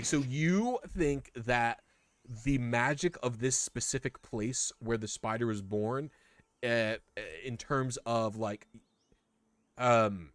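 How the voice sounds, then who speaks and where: A man's voice: medium pitch, no echo. Laid-back young man running a tabletop game. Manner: casual and rambling, full of fillers and laughs. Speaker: game master.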